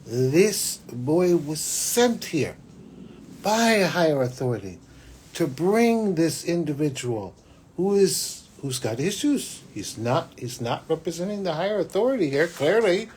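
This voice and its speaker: A man, a psychic hosting his own show, telling a personal story in a rambling, restarting way that swings between loud and hushed. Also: fairly high pitch, big pitch swings, a little slow, slight background noise. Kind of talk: spiritual podcast monologue, personal storytelling.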